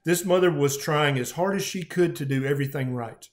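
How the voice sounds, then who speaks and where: The speaker is a middle-aged male physician, a guest whose fairly high voice moves briskly. Telling a patient story in conversation, he sounds earnest and heartfelt, with frequent restarts.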